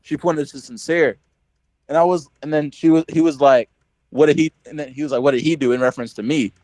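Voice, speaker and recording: A man's voice: fairly high pitch, brisk, no room sound, rough recording. Young man telling a playground story. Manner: animated storyteller, heavy "like" filler, acts out quotes. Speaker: podcast co-host. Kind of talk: casual storytelling chat.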